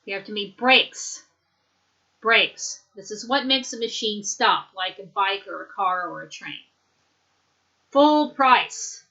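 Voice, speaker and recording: A woman teaching an English lesson, modeling words slowly and clearly for students to repeat. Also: medium pitch, pushed and bright. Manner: slow, clear drilling with modeled pronunciation. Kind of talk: recorded online language lesson. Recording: dull lo-fi recording.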